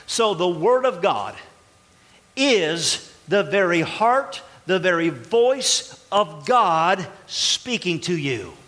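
A pastor preaching to his congregation in a church sanctuary, lively and exclaiming as he acts out short exchanges. His voice sits a bit high for a man and rings bright and forceful. A long reverb trails each phrase, as in a large hall. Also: slow pace. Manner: animated, exclaiming and acting out little dialogues. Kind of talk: sermon.

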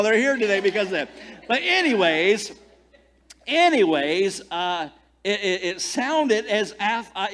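Middle-aged male pastor, slightly high voice, lively story-driven sermon full of restarts and repeats. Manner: animated storytelling, repeats words, many restarts. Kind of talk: conversational sermon.

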